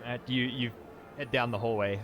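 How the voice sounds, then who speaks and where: A man narrating as game master of a tabletop game, halting with fillers and restarts. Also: medium pitch, fairly even intonation, background noise.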